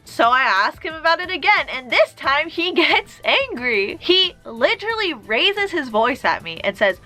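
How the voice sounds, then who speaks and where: Lively, bright-voiced young woman telling a story. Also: high-pitched. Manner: animated, sarcastic retelling with quoted dialogue. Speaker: vlogger. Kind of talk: casual storytime chat.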